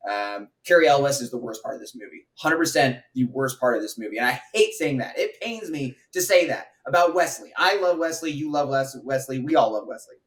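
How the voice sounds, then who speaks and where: A man co-hosting a casual film review podcast, speaking haltingly with many fillers. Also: medium pitch, expressive, recorded from a distance. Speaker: podcast co-host.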